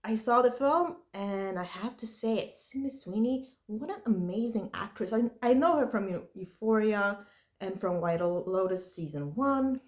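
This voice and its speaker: A woman's voice: medium pitch, expressive, measured pace. A woman reviewing horror movies in a casual, rambling way, full of likes and you-knows.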